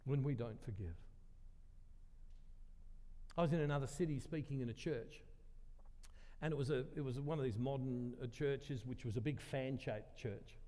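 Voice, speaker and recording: A man's voice: medium pitch, steady tone, moderate pace, dark tone. A man preaching a sermon in a large church, telling a personal story in an earnest way and repeating phrases for emphasis. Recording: long hall reverb.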